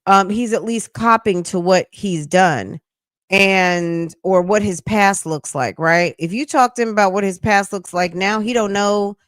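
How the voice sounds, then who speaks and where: A woman commentator talks slowly and bluntly, scolding in casual slang. The sound is dry and close, with no room around it. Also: mid-range voice, no echo. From United States. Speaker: commentary host.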